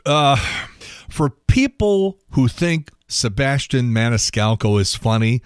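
Ein Mann mittleren Alters, der als Podcast-Moderator unverblümt und meinungsstark vor sich hin schimpft, mittlere Stimmlage, trockene Aufnahme ohne Hall. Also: male voice, medium pitch, sing-song, slow pace, clear, resonant tone, clean studio sound. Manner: blunt, opinionated, grumbling rant with swearing. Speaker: podcast host. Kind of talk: casual monologue, movie review.

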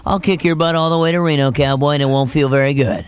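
A man's voice: a little high, steady tone, fast talker, slight background noise, lightly acted. A man doing a comic impression of an upbeat male radio host who snaps into a snarling, threatening rant. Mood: menacing.

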